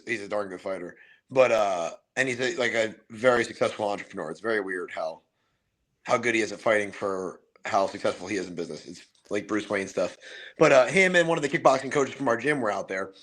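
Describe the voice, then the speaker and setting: A man's voice: mid-range voice, fairly bright tone. A man, a retiring fighter, talking casually as a podcast guest, rambling with lots of fillers. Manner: rambling, many fillers like "you know what I mean". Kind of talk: casual interview storytelling.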